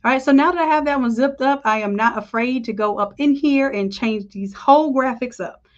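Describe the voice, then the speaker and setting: Woman, live design tutorial, chatty and upbeat, higher voice, dull lo-fi audio. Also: brisk. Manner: chatty, upbeat, talks to viewers as y'all. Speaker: design instructor. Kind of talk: live screen-share tutorial.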